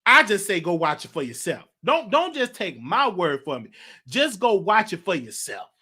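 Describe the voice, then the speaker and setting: A man hosting his own show, telling a story in a chatty, animated way with slang asides. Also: high-pitched, normal speed, husky. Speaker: host. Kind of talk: casual livestream talk.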